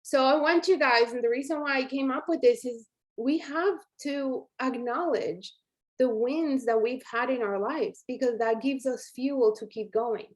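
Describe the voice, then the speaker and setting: A woman in her forties with a slightly high voice hosts a live online coaching workshop. She talks in a chatty, encouraging way, turning again and again to her viewers as "you guys.". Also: measured pace. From Colombia. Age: 40s. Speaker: workshop host.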